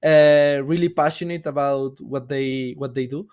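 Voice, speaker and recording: A man from Spain with a Spanish accent, a non-native speaker chatting as a podcast guest, pausing and searching for words. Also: mid-range voice, steady tone, a little mellow, clear, resonant tone. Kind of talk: casual podcast chat.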